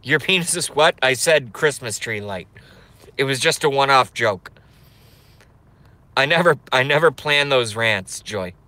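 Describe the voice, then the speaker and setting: Brief: exasperated, foul-mouthed man ranting from his car, tense bright voice, unhurried. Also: mid-range voice, animated, dry recording. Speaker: host. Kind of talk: live rant.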